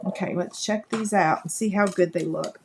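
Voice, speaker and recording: A woman's voice: on the low side, normal speed, background noise. A woman, hosting a live craft demonstration, chatting folksily with viewers as she works. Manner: chatty, folksy, talks to viewers while working. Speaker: crafting livestream host.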